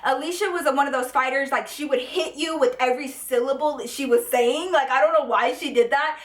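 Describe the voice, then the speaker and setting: High-voiced woman telling a story. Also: a little fast. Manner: dramatic, profane, addresses viewers directly. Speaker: vlogger. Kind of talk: casual storytime. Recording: echoey room.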